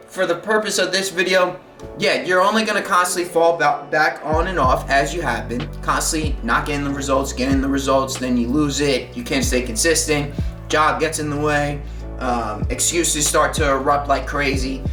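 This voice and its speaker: A man's voice: a little high, bright, forceful tone. A young man coaching on weight loss in a blunt, emphatic, profane monologue. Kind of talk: motivational monologue. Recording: echoey room, mic at a distance, faint guitar music.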